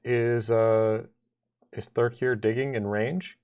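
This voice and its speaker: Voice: mid-range voice, fairly even intonation, takes it slowly, a little mellow, clear, resonant tone. A tabletop player talking in a giggly, hesitant way. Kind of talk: casual chat.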